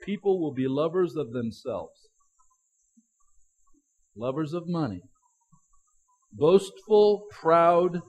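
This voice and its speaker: Male pastor, middle-aged, slightly high voice, chatty sermon storytelling, punchy word lists. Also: expressive, takes it slowly, pauses often, darkish tone, slightly rough, lo-fi sound. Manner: conversational, chuckling, stresses words in lists.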